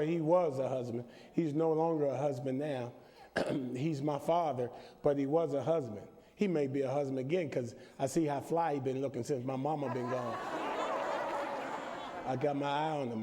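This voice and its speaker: A man's voice: mid-range voice, steady tone, normal speed, background noise. A middle-aged man preaching a sermon, leading call-and-response and joking with the congregation. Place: large church. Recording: long church reverb, congregation behind.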